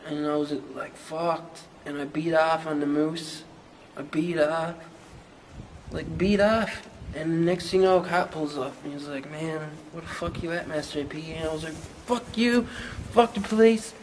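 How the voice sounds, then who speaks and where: A man's voice: on the high side, level tone, normal speed, slight background noise, close to an everyday voice, rough recording. A man with a Newfoundland accent playing a crude, boastful young rapper, telling a rambling, profane story in a mockumentary interview.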